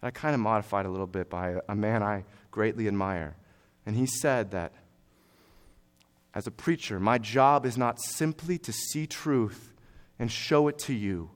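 This young man's sermon, given at a moderate pace in a fairly low voice, moves from earnest, filler-laden conversation toward forceful exhortation.

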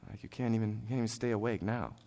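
A young man preaching a sermon, earnest and conversational with fillers, building to forceful exhortation. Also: fairly low pitch, fairly even intonation, rapid-fire.

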